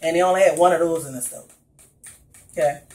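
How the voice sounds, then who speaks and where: A woman with a New Orleans accent chats directly with her audience while going through a recipe at home. She's a cooking vlogger whose low, slightly mellow voice stays steady at a fairly quick clip, and the recording is rough in this casual video.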